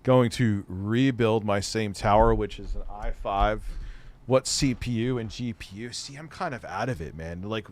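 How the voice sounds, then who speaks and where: Rambling, foul-mouthed commentary host. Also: male voice, on the low side, normal speed. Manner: profane, rambling, laughs easily. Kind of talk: casual commentary stream.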